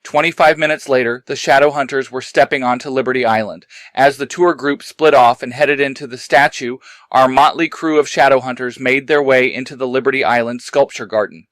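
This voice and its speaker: A man reading his own fanfiction aloud, moving briskly through the narration and shifting his voice a little for the characters' lines. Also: fairly bright tone, no room sound. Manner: reads brisk narration and lightly varies pitch for characters' dialogue. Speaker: fanfiction reader.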